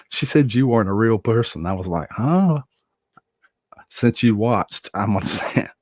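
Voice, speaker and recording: A man's voice: lowish voice, normal speed, a little mellow, no room sound, studio quality. A middle-aged man hosting a casual livestream, greeting viewers by name and chuckling often. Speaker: livestream host. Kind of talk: casual chat reading viewer comments.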